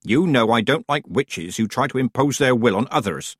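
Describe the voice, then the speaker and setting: A man's voice: medium pitch, expressive, normal speed, husky, no echo, pitched above the performer's own voice. A man doing a stern old witch. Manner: dry, firm, clipped. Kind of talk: audiobook character voice.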